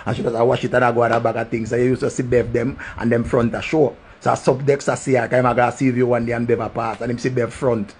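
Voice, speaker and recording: A man's voice: medium pitch, level tone, quick pace, few pauses, slight background noise. A man with a Jamaican accent telling a crude, rambling story in heavy patois, full of swearing. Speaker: vlogger.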